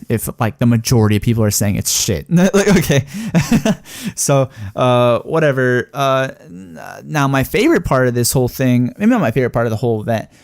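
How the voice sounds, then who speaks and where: A man's voice: mid-range voice, darkish tone, no room sound, clean studio sound. A young man giving a casual, heated review of a wrestling show, rambling and swearing with lots of fillers.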